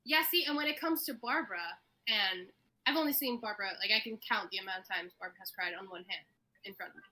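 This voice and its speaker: A woman's voice: medium pitch, quick pace, sharp tone, poor audio. A woman in her twenties co-hosting a podcast, speaking candidly in casual chat. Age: 20s. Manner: candid, laughs easily. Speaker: podcast co-host.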